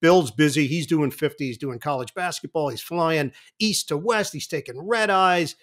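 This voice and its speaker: A sportscaster in his fifties, a guest on an interview show, telling vivid, animated stories. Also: fairly high pitch, moderate pace. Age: 50s. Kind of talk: anecdotal interview talk.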